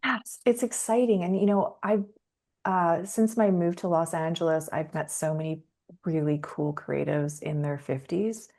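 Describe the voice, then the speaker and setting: Low, mellow-voiced middle-aged woman. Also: unhurried. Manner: enthusiastic and expressive, laughs easily. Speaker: podcast guest, creative professional. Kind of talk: casual podcast conversation.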